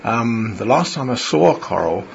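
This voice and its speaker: An older man, a spiritualist medium, reflects in an interview after a seance, chatty and rambling with plenty of fillers. His medium-pitched voice is very animated, unhurried and creaky, and the dull recording carries a crowd in the background.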